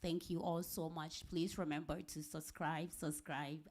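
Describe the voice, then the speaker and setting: A woman's voice: low voice, flat delivery, a little slow, darkish tone. A woman from Ghana hosting a live talk show, upbeat and repeating details, often laughing.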